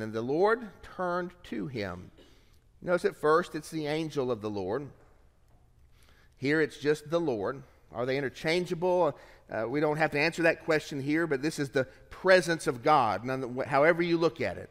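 A man preaching a sermon as pastor, reading scripture aloud with lively shifts of pace and emphasis. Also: a little high, normal speed, long reverb tail.

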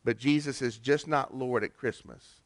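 A man preaching a Christmas sermon, earnest, with pauses and restarts. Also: medium pitch, dry recording. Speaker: pastor.

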